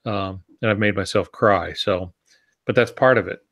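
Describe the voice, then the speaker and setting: A man who writes novels, talking on a writing podcast in a reflective, storytelling way with thoughtful pauses. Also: fairly low pitch, a bit bright, no echo, studio quality. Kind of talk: casual podcast chat about writing.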